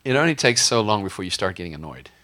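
Man preaching, pastor, chatty and humorous, questions to the congregation, low pitch, bright tone. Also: very animated, fast. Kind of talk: sermon.

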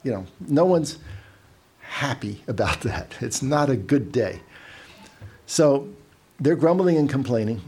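A man's voice: medium pitch, expressive, unhurried, long pauses, mellow, husky. A man giving a casual, conversational sermon, telling stories with asides and repeating words as he goes. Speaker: preacher.

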